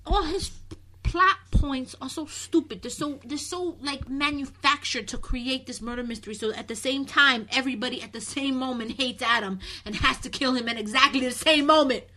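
A woman's voice: sits high, normal speed, bright, forceful tone, slight background noise. A woman co-hosting a casual chat, blunt, sarcastic and often exasperated. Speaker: podcast co-host.

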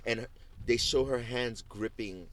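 A man hosting a casual talk show, recapping TV scenes as an animated storyteller who acts out the quotes and leans on "like". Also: mid-range voice, a little slow, over a noisy crowd. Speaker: show host.

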